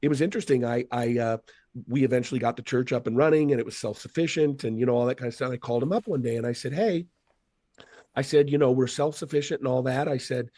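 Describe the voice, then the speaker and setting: A man in his late fifties, guest on a podcast, telling his life stories with earnest energy. His voice is mellow and warm, and the sound is close and dry, with no room around it. He acts out the lines of people he quotes. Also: medium pitch, fast, no echo. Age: 50s. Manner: earnest, animated storyteller acting out quotes. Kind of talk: storytelling in a podcast interview.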